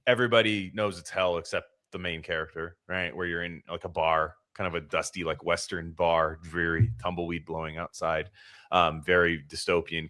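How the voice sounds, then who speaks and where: A man's voice: low voice, pushed and bright. A man co-hosting a podcast, rambling through stories in casual chat and swearing freely. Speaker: podcast co-host.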